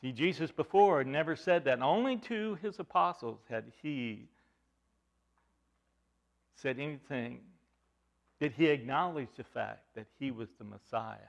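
A man preaching a sermon, telling the story dramatically with rhetorical questions, swinging from loud emphasis to hushed tones. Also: medium pitch, expressive, a little slow, creaky, long pauses.

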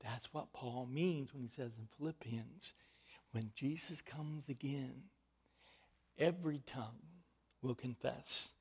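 A male preacher delivering a sermon, swinging from hushed, almost whispered lines to loud emphatic ones, repeating key words and asking his listeners questions. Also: medium pitch, slow pace, husky.

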